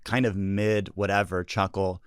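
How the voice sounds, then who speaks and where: A man who is a comedian, talking as a podcast guest in a rambling, reflective, deadpan way. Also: low voice, a little slow, smooth, dry recording, clean studio sound. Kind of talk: casual podcast chat. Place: podcast studio.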